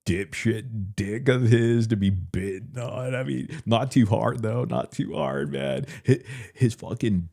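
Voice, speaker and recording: A man hosts a live stream in a gravelly, warm, mid-range voice, taking it slowly yet hardly pausing. His commentary is rambling and crude, loose, profane, and jokey, and he repeats himself.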